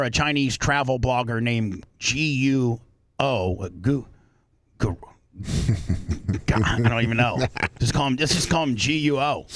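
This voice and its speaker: Male talk-show host, mid-pitched, chatty storyteller who stumbles and repeats, close dry studio sound. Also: no echo. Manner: retelling a news story with frequent repeats and restarts. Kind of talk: casual talk-show chat.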